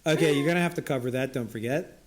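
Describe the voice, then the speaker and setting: A middle-aged man co-hosting a podcast, a little drunk, talking in an animated, repetitive way and swearing freely. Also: medium pitch, fast. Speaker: podcast co-host. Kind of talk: casual chat, reading reviews aloud.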